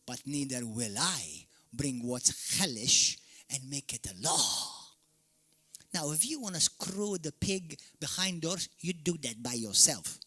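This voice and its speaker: Forceful, bright-voiced pastor preaching. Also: male voice, medium pitch, slightly rough. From Malta. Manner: forceful, shouting peaks and sudden drops. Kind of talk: fiery sermon. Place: church hall.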